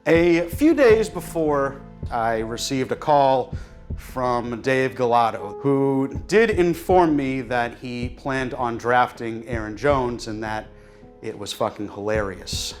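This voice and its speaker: Slow, deadpan man speaking formally. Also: mid-range voice, soft background music. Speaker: league commissioner. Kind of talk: comedic mock-documentary interview.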